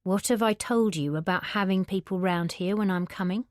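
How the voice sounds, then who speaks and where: A woman narrator voicing a menacing, controlling man with a posh English accent and a quiet, even tone. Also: mid-range voice, moderate pace, no echo, studio quality, natural voice. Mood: contemptuous.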